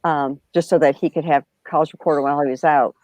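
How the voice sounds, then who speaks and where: A woman's voice: low voice, steady tone, fast talker, darkish tone, no room sound. A woman co-hosting a casual movie commentary, making wry joking asides. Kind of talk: casual film commentary chat.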